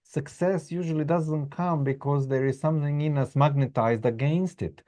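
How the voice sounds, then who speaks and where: A man hosting a webinar, calmly summing up and affirming his guest's points. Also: fairly high pitch, moderate pace. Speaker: webinar host. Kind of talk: conversational webinar interview.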